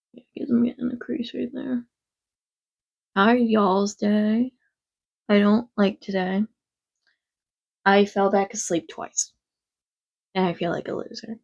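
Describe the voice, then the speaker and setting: A woman's voice: mid-range voice, vocal fry, husky, highs cut off. A woman chatting casually through a makeup tutorial at home, rambling and frank, with some swearing. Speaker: makeup vlogger. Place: quiet home.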